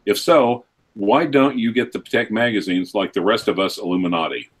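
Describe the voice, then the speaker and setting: Relaxed man reading viewer messages. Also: on the low side, fairly quick, husky. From Oklahoma, United States. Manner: relaxed, reads out donations and timekeeping. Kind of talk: casual livestream chat.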